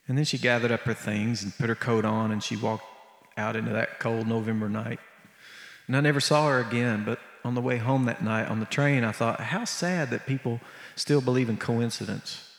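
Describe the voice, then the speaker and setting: A man's voice: mid-range voice, moderate pace, fairly bright tone. Man telling a story in a ringing hall. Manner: conversational, vivid storyteller. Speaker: preacher and musician. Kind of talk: storytelling sermon. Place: church. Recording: echoey hall, long reverb.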